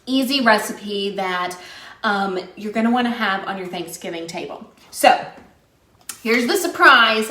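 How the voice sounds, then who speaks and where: A woman's voice: high-pitched, a bit bright. A woman from West Virginia hosting a live cooking stream, chatting with viewers in an upbeat way and laughing often. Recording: echoey room sound.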